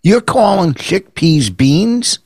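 Older male comedian, defensive bickering, lively pitch, dry close sound. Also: breathy edge, dry recording. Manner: defensive, quick to argue. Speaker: comedian co-host. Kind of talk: casual bickering chat.

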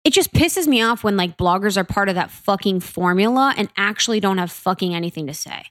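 A woman's voice: mid-range voice, a little fast, fairly bright tone, no room sound, studio quality. A woman co-hosting a podcast in casual chat, ranting bluntly and swearing often. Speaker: podcast co-host.

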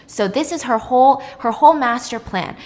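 A young woman recapping a show in a casual, animated, chatty way, acting out the drama as she goes. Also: high-pitched, moderate pace. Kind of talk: casual chat. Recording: long reverb.

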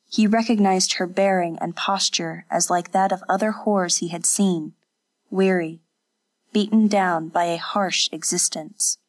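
Woman narrator, audiobook, scripted narration, even and unhurried, lowish voice.

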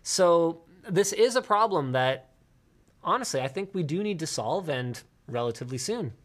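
A man hosting a casual tech talk show, rambling with quick asides and self-corrections. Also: fairly high pitch, expressive, fairly bright tone. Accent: Canadian. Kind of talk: casual chat.

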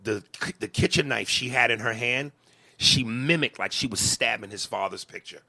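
A man's voice: mid-range voice, moderate pace, creaky, pushed and bright, breathy edge. A man in his forties on a podcast, ranting with passion, swearing and stumbling over restarts. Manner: passionate, profane, stammering restarts. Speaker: podcast co-host. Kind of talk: emotional podcast rant.

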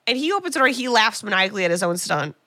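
Woman podcast host, bright forceful voice, dry close sound, animated storytelling with sarcastic asides. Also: mid-range voice, rapid-fire, dry recording. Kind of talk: casual film recap chat.

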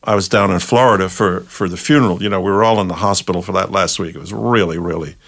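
A man's voice: low voice, quick pace, creaky, fairly bright tone. An older man spins showbiz anecdotes in a loose, rambling way. He doubles back on his words and laughs along with his own punchlines. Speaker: guest storyteller, comedy writer. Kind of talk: casual anecdote telling.

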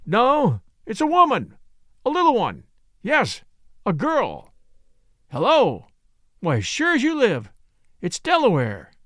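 Army captain voiced by a man, calling out, excited, high lively voice, audiobook. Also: normal speed, no room sound, clean studio sound, heavily acted.

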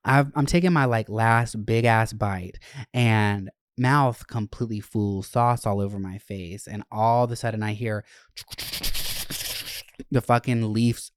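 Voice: medium pitch, a little slow, pauses often, dry recording, studio quality. Chatty, profane young podcast host. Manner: profane, animated storytelling. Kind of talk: casual chat.

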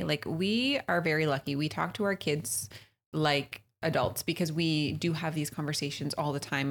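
A woman's voice: low voice, vocal fry. A woman in her thirties co-hosting a podcast in casual chat, blunt and laughing often, swearing freely. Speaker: podcast co-host.

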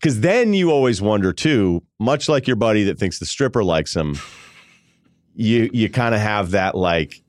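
A man's voice: on the low side, lively intonation, moderate pace, no echo. A male podcast host in his forties, telling a rambling, self-amused comic story in casual chat. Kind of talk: casual comedic monologue.

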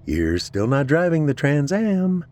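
A man's voice: on the high side, sing-song, a little slow, a little mellow, pitched above the performer's own voice. A man doing a teasing country woman. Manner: teasing, playful. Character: rural woman, sharp-shooting and teasing.

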